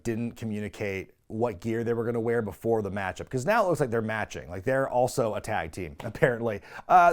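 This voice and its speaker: A man hosts a casual recap show in an animated, conversational voice. He laughs often and keeps switching into quick quoted voices. His pitch sits in an ordinary middle range for a man. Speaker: wrestling recap podcast host.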